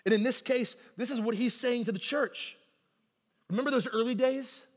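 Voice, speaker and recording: A man preaching a sermon in a church, telling stories in a lively, conversational way and often asking "right?". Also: very high voice, moderate pace. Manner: animated conversational storytelling, keeps asking "right?". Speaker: pastor. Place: church sanctuary. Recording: long hall reverb in a church.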